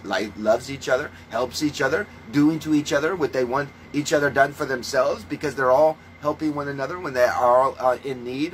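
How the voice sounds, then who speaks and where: A man preaching in a ranting monologue, scornful and full of swearing, moving between calm teaching and loud outbursts. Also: mid-range voice, slight background noise, low-quality recording. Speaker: self-styled religious preacher.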